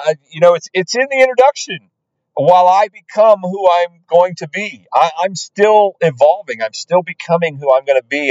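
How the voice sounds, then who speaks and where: A man's voice: fairly high pitch, darkish tone, dry recording, lo-fi sound. A man hosting a podcast, telling his own story in an earnest way, often stumbling and restarting his sentences. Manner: earnest, halting with many restarts. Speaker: podcast host.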